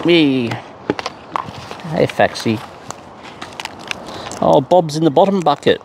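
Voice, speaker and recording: A man chats playfully to wild birds at a slow, lingering pace, his pitch leaping up and down. His voice has a gravelly edge, and clear outdoor noise sits behind him. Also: lively intonation. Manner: playful, baby-talk to birds, chuckling. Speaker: bird feeder vlogger. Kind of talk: casual chat to wild birds. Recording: noisy outdoor recording.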